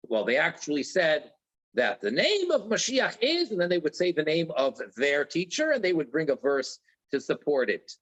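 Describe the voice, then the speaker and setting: Animated man giving a religious lecture. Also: on the high side, moderate pace, lo-fi sound. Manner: earnest, repeats key phrases for emphasis. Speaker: religious teacher.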